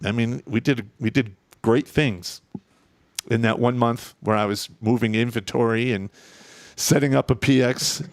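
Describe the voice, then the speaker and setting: A man's voice: mid-range voice, unhurried, no echo. A middle-aged man telling profane, blunt stories from his army years in a casual chat. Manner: profane, blunt, animated storyteller. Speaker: guest telling war stories.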